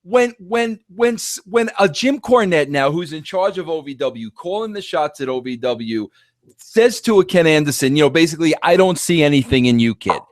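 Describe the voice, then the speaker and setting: Man, interviewer, stumbling phrasing, high-pitched, very animated intonation. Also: moderate pace, dry recording, clean studio sound. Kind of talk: casual interview questions.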